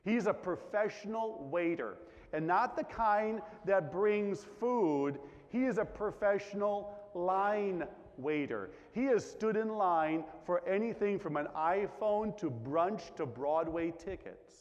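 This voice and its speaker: A man preaches slowly, his voice rising and falling widely as he swings from emphatic questions to near-whispers. The sound is dull and lo-fi, with a long reverb that hangs in a large hall. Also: high-pitched, expressive. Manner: dramatic, drops to a hush for quiet lines, asks many questions. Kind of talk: sermon.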